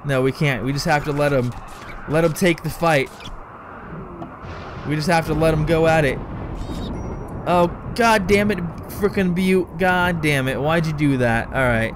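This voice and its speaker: A man's voice: fairly high pitch, measured pace, long pauses, background noise. A young man commenting on his own gameplay, swearing and scolding the characters in exasperation. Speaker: let's play gamer.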